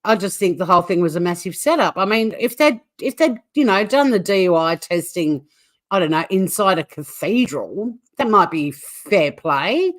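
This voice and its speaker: A woman's voice: medium pitch, expressive, normal speed, no room sound. An Australian woman co-hosting a comedic news show, chatting animatedly and swearing freely. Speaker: co-host.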